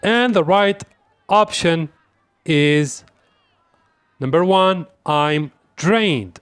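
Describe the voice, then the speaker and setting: Male English tutor running a quiz lesson: unhurried, repeats examples, fairly high-pitched. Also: fairly bright tone, smooth, dry recording. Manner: slow, deliberate, repeats example phrases. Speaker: English teacher. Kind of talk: quiz-style language lesson.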